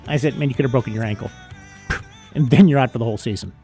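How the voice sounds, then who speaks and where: A man's voice: medium pitch, mellow, soft background music. A man hosting a talk show, chatting casually and restarting his sentences often. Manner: halting, restarts often, affirming. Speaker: radio talk show host. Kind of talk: casual interview chat.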